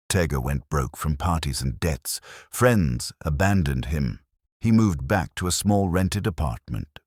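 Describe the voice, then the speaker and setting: Deep, husky male storyteller. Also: dry recording, clean studio sound. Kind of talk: scripted narration.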